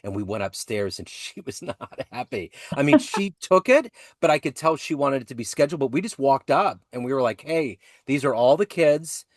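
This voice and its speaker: A man hosting an interview podcast, sharing a relaxed anecdote of his own and then asking his guest a reflective question. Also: mid-range voice, a little fast, few pauses, no echo, clean studio sound. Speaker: podcast host. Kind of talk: conversational interview.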